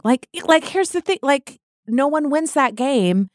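A middle-aged woman talking openly and reflectively as a podcast guest, lively when she quotes other people. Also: high voice, normal speed, no echo, clean studio sound. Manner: open, reflective, animated when quoting others. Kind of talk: candid podcast conversation.

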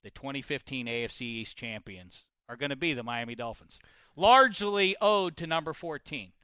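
Bright, crisp joking sports radio host. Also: male voice, medium pitch, lively intonation, normal speed, no echo. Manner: joking, playful banter. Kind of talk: casual sports chat.

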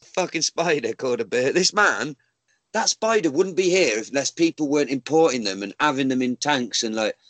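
A man's voice: medium pitch, expressive, moderate pace, fairly bright tone, dry recording, rough recording. A man co-hosting a casual podcast, reading out odd news stories with lots of swearing and laughter. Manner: sweary, laughs often, mocks the story as he reads. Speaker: podcast co-host.

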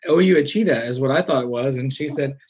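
A podcast host from Southwest Missouri, being interviewed, talks casually and animatedly, acting out the people in his story with quoted voices. His voice sits mid-range, slightly rough, and he speaks at a quick pace.

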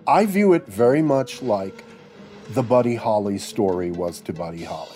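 A man's voice: mid-range voice, warm tone. A man in a documentary interview who weighs his views by asking and answering his own questions. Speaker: interviewee, film commentator.

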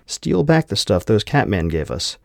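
Blunt, exasperated pilot, fairly deep voice, read by a male narrator. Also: very animated, normal speed, gravelly, dry recording, clean studio sound. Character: tense wary man, a pilot and father.

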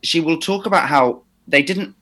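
A man's voice: fairly high pitch, normal speed. A man from Somerset with a slightly posh West Country accent, chatting animatedly as a podcast co-host. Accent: slightly posh West Country English. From Somerset, England. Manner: chatty, restarts often, animated. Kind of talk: casual chat.

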